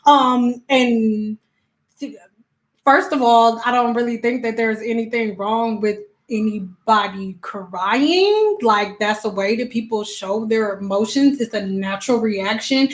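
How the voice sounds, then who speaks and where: A woman with a somewhat high voice chats casually on a livestream, talking straight to her viewers and reacting to their comments. She laughs a lot as she talks and slips into quick, animated voices whenever she quotes someone. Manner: laughs often while talking. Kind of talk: casual chat answering live comments.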